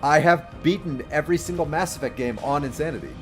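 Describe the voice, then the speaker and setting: A man doing livestream commentary over a video game, joking, giggling often and shouting out during fights. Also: on the high side, fast talker, over music. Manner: giggly, jokey, loud exclamations in fights. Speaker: game streamer.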